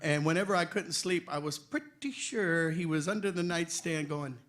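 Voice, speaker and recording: A man in his sixties, a voice actor telling stories on a convention panel, animated and joking with a ready laugh. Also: a little high, normal speed. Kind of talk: anecdotal panel storytelling.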